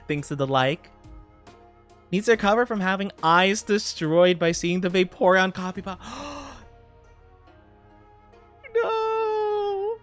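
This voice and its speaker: A man's voice: high-pitched, a bit bright, clear, resonant tone. A bubbly, giggly young man chatting casually with his live-stream audience. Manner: bubbly and giggly, talking straight to chat.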